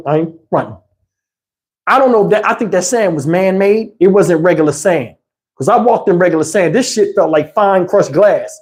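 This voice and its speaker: A man with a Texas accent telling a funny story in casual, animated vlog style, laughing and acting out the people in it. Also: on the high side. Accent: Southern US, Texas. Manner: animated, swearing, laughs often, acts out the other people in the story. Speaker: vlogger.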